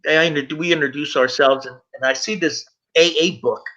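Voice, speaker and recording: A man's voice: on the high side, fairly even intonation, fairly quick, sharp tone, dull audio. A middle-aged man sharing his recovery story in an earnest personal testimony, speaking straight to his listeners.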